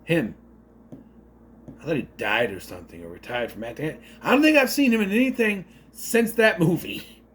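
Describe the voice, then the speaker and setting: A man's voice: fairly high pitch, animated, normal speed, a bit bright, slight background noise. A man giving a casual spoken movie review, rambling with unsure asides and self-corrections.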